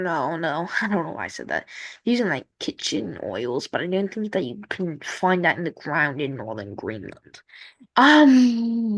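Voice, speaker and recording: A woman casually narrating a map timeline. She rambles and corrects herself as she thinks aloud. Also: fairly low pitch. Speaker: map-series creator.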